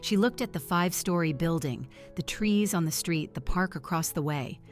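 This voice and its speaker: A middle-aged woman narrating a first-person family story in an earnest, measured way. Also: lowish voice, lively intonation, faint music behind.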